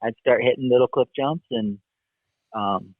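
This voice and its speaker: A man in his thirties, a motocross racer and coach, telling his racing story in a relaxed, rambling way. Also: mid-range voice, measured pace, no room sound. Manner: relaxed, rambling recollection with fillers. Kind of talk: casual interview storytelling. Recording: dry, tinny phone-like line.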